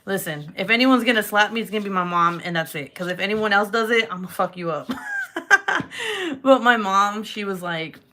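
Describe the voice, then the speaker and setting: A woman's voice: mid-range voice, lively intonation, normal speed, bright, forceful tone, slight background noise. A woman chatting casually at home while making polymer clay pieces, candid and profane, often laughing. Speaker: polymer clay crafter vlogger. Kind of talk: casual chat while crafting.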